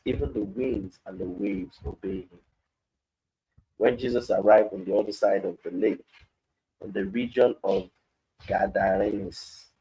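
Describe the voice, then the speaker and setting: Heard through poor audio, a Nigerian-accented man with a medium-pitched, somewhat mellow and husky voice runs a live-streamed Bible study. He reads passages aloud and follows them with commentary sprinkled with Pidgin.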